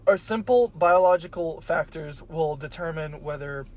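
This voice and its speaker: A young man in his early twenties argues his view on a laid-back podcast, blunt and sure of himself, cursing freely. His voice sits a bit higher than most men's. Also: normal speed. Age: young adult. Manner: blunt, opinionated, swears freely. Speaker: podcast co-host. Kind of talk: casual chat.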